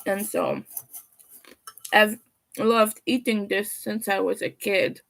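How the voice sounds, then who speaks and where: A woman's voice: medium pitch, steady tone, slow pace, vocal fry, a bit bright, poor audio. A young woman chatting casually on a livestream, talking while she eats. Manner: chatty, talks while eating. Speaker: livestreamer and crocheter.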